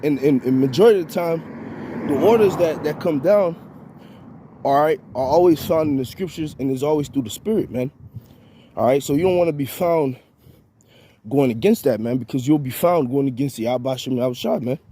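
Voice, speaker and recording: Mellow, husky-voiced man preaching informally. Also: a little high. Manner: halting, repeats words, tags lines with "man". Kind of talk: informal spiritual rant.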